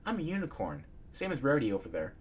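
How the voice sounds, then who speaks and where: Man reading as a calm young unicorn mare. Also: mid-range voice, quick pace, husky. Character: studious young female unicorn, calm explainer. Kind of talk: fan fiction read aloud.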